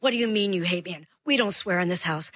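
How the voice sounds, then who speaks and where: Brief: female parenting expert guest, slightly husky, dry close mic, animated storyteller. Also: on the low side, quick pace, dry recording. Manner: animated storyteller acting out dialogue. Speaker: guest child behavior expert. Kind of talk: radio interview storytelling.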